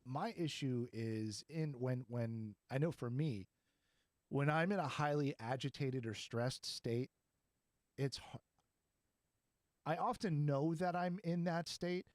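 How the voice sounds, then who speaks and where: A man hosts a podcast in an easy, meandering chat, often breaking into laughter. His voice sits at an ordinary middle pitch. The sound is dry and close, with no room around it. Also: slow, long pauses, no room sound. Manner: chatty and rambling, laughs easily. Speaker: podcast host. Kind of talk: casual chat.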